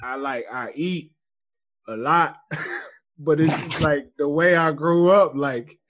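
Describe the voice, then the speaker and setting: A man's voice: on the high side, slow, a bit bright. A young adult man co-hosting a podcast, laughing as he tells a story with mock grief. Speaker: podcast co-host. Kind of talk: casual chat.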